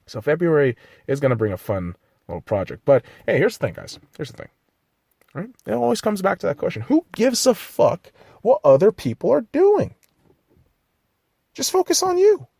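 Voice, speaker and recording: A man's voice: high-pitched, huge pitch swings, moderate pace, vocal fry, warm tone, breathy edge, no room sound, studio quality. A man hosting a solo podcast, ranting profanely and criticizing himself between blunt pep-talk asides. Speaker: podcast host.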